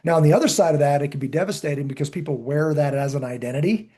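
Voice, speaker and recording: A man's voice: on the high side, very fast. A middle-aged man hosting a podcast interview, telling stories animatedly, acting out quotes and restarting his sentences. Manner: animated storytelling, acts out quotes, frequent restarts. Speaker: podcast host. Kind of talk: casual interview chat.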